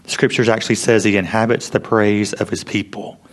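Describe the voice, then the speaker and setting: A man preaching a sermon in an earnest storytelling way, often dropping to a hush for emphasis. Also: lowish voice, steady tone, a little fast. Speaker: pastor.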